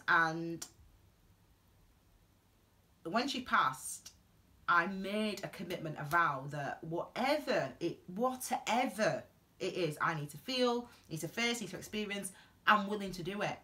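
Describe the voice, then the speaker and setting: A woman gives earnest, heartfelt advice in a reflective vlog monologue, rambling and halting with frequent restarts and tangents. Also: fairly low pitch, expressive, bright, forceful tone. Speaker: tarot reader giving advice.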